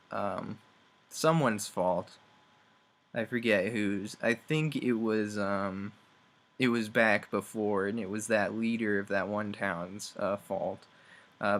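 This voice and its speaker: A young man recaps a game's story in a loose, rambling way, with lots of ums and uhs and chuckles. His voice sits fairly low, and he takes his time. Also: fairly bright tone. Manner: rambling, many fillers, chuckles often. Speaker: game reviewer. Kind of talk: casual video game review.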